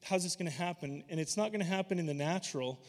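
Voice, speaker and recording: A man preaching a sermon, animated and emphatic, slipping into voices when he retells scripture. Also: sits high, fast talker. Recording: long hall reverb.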